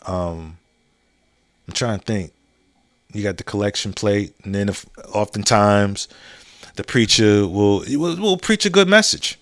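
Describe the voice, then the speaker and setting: A man's voice: fairly low pitch, animated, a little slow, long pauses, fairly bright tone, dry recording, clean studio sound. A man hosting a podcast, telling stories in a loose, conversational way, full of fillers and restarts, and chuckling at his own memories. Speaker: podcast host. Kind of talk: casual storytelling monologue.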